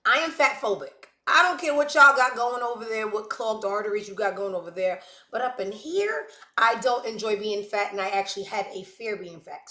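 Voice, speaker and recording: A woman's voice: mid-range voice, sharp tone. A woman hosting a gossip talk show, brash and sassy, full of joking asides. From West Indies. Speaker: host. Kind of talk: casual gossip commentary. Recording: echoey room.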